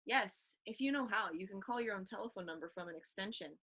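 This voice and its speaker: A woman reading the part of a calm, clever teenage boy detective who talks in a steady, reassuring way. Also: mid-range voice, brisk, husky, exaggerated voice. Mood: reasoning.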